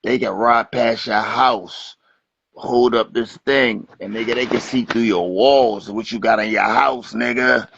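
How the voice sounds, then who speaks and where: Gravelly New man, lo-fi stream. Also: medium pitch, measured pace, slight background noise. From Atlantic City, New Jersey. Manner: animated, profane storytelling. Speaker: guest rapper. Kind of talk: casual interview chat. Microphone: Instagram Live stream. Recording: lo-fi livestream audio.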